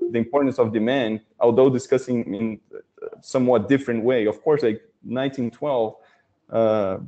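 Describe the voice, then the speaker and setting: A man's voice: mid-range voice, dark tone. A man with a Brazilian accent, a native Portuguese speaker, discussing a book in a webinar with thoughtful, hesitant phrasing over a video call. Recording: dull, lo-fi video call audio.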